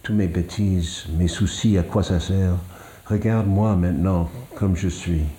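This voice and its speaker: An older man voicing a gentle dead older French woman, speaking softly and tenderly. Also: deep voice, steady tone, normal speed, roomy sound, close to an everyday voice. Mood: soothing. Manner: soft, tender, consoling.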